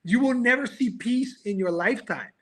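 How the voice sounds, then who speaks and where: A man's voice: very high-pitched, normal speed, a bit bright. A man, a guest on a podcast, talking about life over a video call in a philosophical way, with many restarts. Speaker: guest, former offensive tackle. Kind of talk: casual podcast chat.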